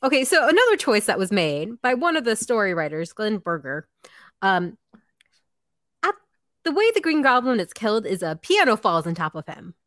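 A woman's voice: mid-range voice, big pitch swings, moderate pace, a bit bright, dry recording, clean studio sound. A woman hosting a casual podcast, laying out facts she looked up in a matter-of-fact way.

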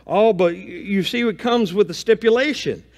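High-voiced pastor preaching in a reverberant church. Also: male voice, moderate pace. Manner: folksy, conversational preaching with home anecdotes; reads scripture aloud between comments. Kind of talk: sermon. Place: church sanctuary.

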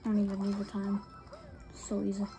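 A young woman giving casual commentary while playing a video game, excitable, muttering to herself and then breaking into frustrated shouts. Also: medium pitch, quick pace, soft background music. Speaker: gamer streamer.

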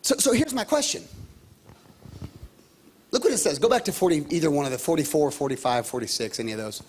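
A pastor in his thirties preaching a lively sermon, repeating himself and calling out to the congregation. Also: a little high, a little fast, husky. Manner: animated, repetitive, calls out to the congregation.

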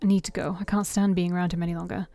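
Woman reading a story game, mellow voice. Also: on the low side, very fast, soft background music. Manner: expressive first-person narration. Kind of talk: reading a visual novel aloud.

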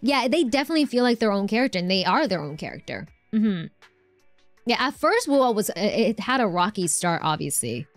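Woman, game streamer, casual rambling chat, answers chat, mid pitch, soft music behind. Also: very animated, a little fast, no room sound. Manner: chatty, rambling, answers chat, lots of fillers. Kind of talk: casual live-stream chat over gameplay.

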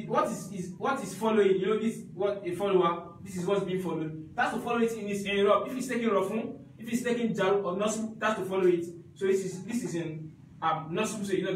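A man's voice: high voice, heavy reverb, recorded from a distance, slight background noise, low-quality recording. A man teaching an Arabic grammar class, repeating each point and checking that students follow.

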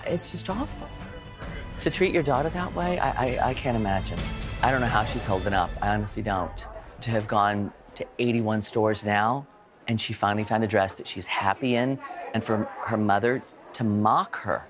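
A man's voice: on the low side, moderate pace. A middle-aged man working as a bridal consultant, talking earnestly and emotionally, stammering and restarting. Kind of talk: reality TV commentary and consultation. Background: music.

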